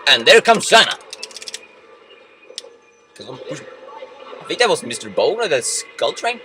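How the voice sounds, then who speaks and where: Young male gamer, bright and animated, excitable, faint game music underneath. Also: a little high, unhurried. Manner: excitable, shouts and yells at the game. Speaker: let's play gamer. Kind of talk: game commentary. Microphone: computer mic.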